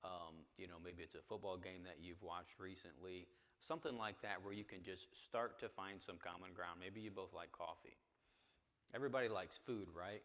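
A man's voice: sits low, moderate pace, a bit bright, big-room sound. A man leading an interactive Bible class, talking conversationally and asking the group questions. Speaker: church teacher. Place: church hall with a group.

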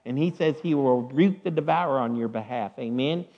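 A man's voice: mid-range voice, fairly quick, highs cut off. A man pastor giving church announcements and an offering sermon, punctuating his talk with "amen" and "hallelujah.". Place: church sanctuary.

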